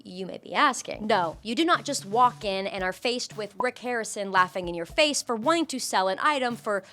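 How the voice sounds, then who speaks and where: A woman's voice: medium pitch, animated, moderate pace, bright, forceful tone. A young woman giving a casual, scripted commentary as a YouTuber, sarcastic, with swearing and laughs between lines.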